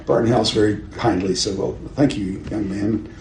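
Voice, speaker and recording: A man's voice: fairly low pitch, normal speed. An older man teaching a Bible class in a conversational way, asking his listeners questions and chuckling at his own stories. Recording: roomy with faint background noise.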